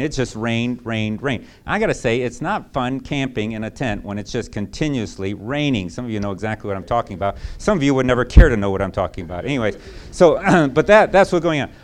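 A man's voice: medium pitch, lively intonation, a little fast. A male pastor preaching a sermon in a conversational, emphatic way, often checking in with rhetorical asides.

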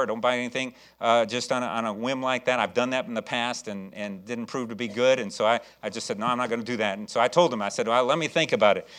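A man preaching a sermon, telling stories with lots of fillers and repeated words, then rising in enthusiasm as he urges his listeners on. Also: mid-range voice. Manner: storytelling, acts out voices, jokes with the congregation; enthusiastic preaching, rising loud when exhorting. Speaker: pastor.

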